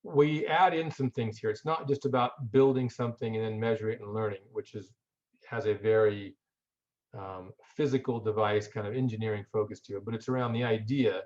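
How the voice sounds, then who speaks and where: A man's voice: lowish voice, steady tone, a little fast, darkish tone. A man giving a conversational lecture, informal, often restarting words and asking rhetorical questions. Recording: dull lo-fi audio.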